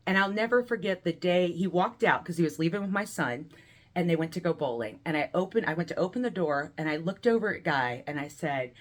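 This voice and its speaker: A woman of around forty with a fairly low voice tells a personal story over a video call. She acts out the people in it and swings between bursts of laughter and soft, heavy moments. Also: animated, a little fast. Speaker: guest speaker sharing a personal story.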